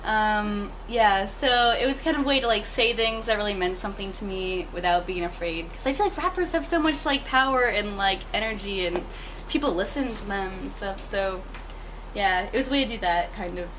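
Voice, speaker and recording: A young woman in her twenties telling a story in an interview, talking fast and animatedly and laughing often. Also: medium pitch, noisy background. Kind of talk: casual storytelling.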